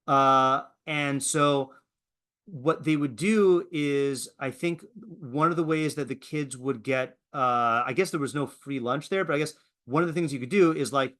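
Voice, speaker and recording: A man's voice: a little high, measured pace, a bit bright. A man teaching a class as a rabbi, talking in a conversational way with many fillers and restarts. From Eastern Washington, USA. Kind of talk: casual lecture.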